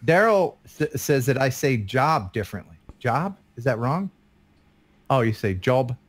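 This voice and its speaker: This guest co-host, a man in his fifties, speaks in an animated, mid-range voice at a moderate pace during a casual live-stream chat. Chatty and self-deprecating, he tends to trail off and laugh.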